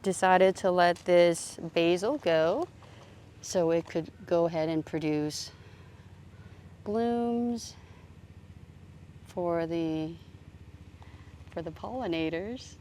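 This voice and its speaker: Woman strolling her garden on a phone cam, talks slow and easy, lowish voice. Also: darkish tone, a little hiss or hum. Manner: slow, chatty, thinking aloud with fillers. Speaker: gardening vlogger. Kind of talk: casual garden tour narration. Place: outdoor garden.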